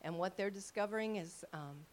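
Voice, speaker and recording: A woman's voice: mid-range voice, normal speed, a little hiss or hum. A woman giving a sermon with slides, telling stories and quoting conversations, with frequent questions to the audience. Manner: storytelling, quotes people in dialogue. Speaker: ministry speaker.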